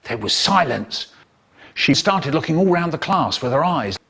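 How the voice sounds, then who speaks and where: A man telling a comic story in a playful way, with a husky voice. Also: a little high, big pitch swings, normal speed, pushed and bright.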